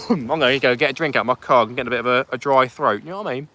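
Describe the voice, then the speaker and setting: Bright-voiced chatty man. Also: medium pitch, racing. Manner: chatty, reads out viewer comments. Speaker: fishing livestream host. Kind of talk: casual livestream chat. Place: outdoors on a beach at night.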